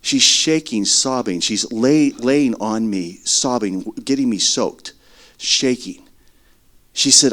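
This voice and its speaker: A middle-aged man preaching a sermon as earnest testimony, swinging between loud stretches and hushed ones. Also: medium pitch, very animated, takes it slowly.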